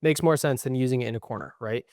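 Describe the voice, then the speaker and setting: A young man ranting in casual podcast chat, profane and frustrated, with a middle-pitched voice. The recording is dry and close, with no room echo. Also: fast talker, darkish tone. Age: young adult. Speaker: podcast co-host.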